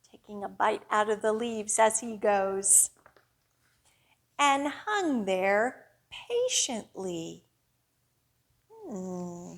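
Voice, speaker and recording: A woman, a children's librarian, leading a storytime with a slow, sing-song, animated storyteller voice. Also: medium pitch.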